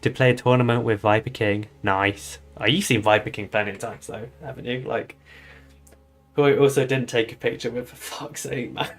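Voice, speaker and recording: A man's voice: mid-range voice, fairly even intonation, normal speed. A young British man chatting casually on a live stream, loose and swearing often with laughing asides. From United Kingdom.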